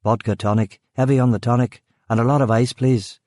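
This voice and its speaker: A man's voice: medium pitch, steady tone, brisk, darkish tone, no echo, clean studio sound, natural voice. A man reading an audiobook, voicing a laconic hired ex-policeman with a Northern Irish accent.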